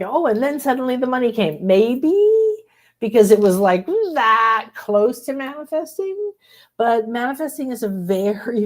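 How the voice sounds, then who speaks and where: A woman with a voice of ordinary pitch hosts a spiritual workshop. She teaches in a casual, lively way and brings real enthusiasm to what she says. Now and then she acts out little voices. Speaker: host leading a spiritual workshop.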